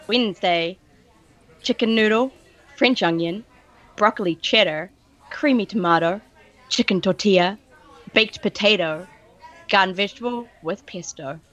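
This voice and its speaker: A woman's voice: medium pitch, unhurried, pauses often, fairly bright tone, muffled recording. A woman reading a menu aloud with friends in a playful, giggly way, cracking jokes between items.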